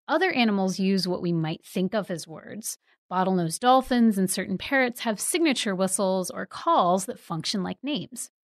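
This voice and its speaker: Woman guest editor, mid pitch, clear explainer, dry studio sound. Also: no room sound. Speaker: news site editor. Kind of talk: explaining science news.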